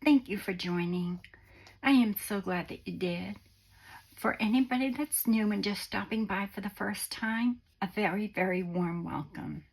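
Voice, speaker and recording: An unwell woman hosts her crafting vlog, talking to viewers in a slow, unhurried way. Her voice is gravelly and a little husky, sitting on the lower side. She sounds gentle and sentimental. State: unwell, on antibiotics. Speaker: crafting channel host. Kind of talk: casual vlog chat to viewers.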